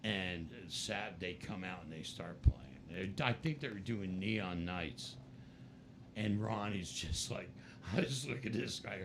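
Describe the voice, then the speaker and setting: A man's voice: low voice, slow pace, background noise. A middle-aged man and guest musician who tells stories in a casual interview, acting out other people's voices. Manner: animated storyteller, acts out the voices of others.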